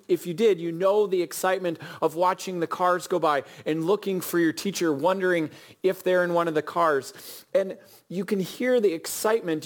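An earnest male pastor delivers a sermon like a storyteller. His voice sits a touch high, and he often stops to ask his listeners questions.

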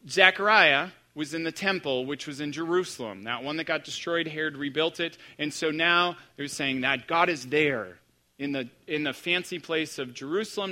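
Preacher, male, very bright ringing tone, chatty animated sermon delivery, slightly high voice. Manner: conversational, animated, self-deprecating humor. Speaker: pastor.

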